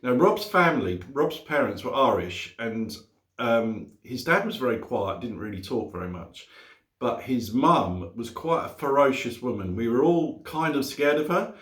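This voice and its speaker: A man's voice: mid-range voice, lively intonation, moderate pace, a bit bright. Chatty man in an echoey garage. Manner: chatty, laughs often. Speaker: motorcycle vlogger. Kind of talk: casual storytelling vlog. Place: home garage.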